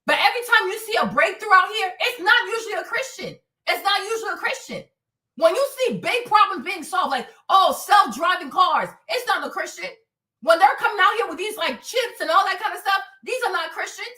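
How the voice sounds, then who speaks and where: A woman's voice: very high voice, animated, fairly quick, sharp tone, echoey room, recorded from a distance. A woman hosting a livestream, talking in an emphatic, repetitive, preachy way. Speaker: livestream host. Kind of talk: preachy casual livestream talk.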